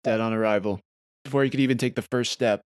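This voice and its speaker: A man's voice: lowish voice, steady tone, quick pace, dry recording, studio quality. A man hosting a casual podcast, steering the conversation between topics and laughing along with his co-hosts. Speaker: podcast host. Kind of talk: casual chat.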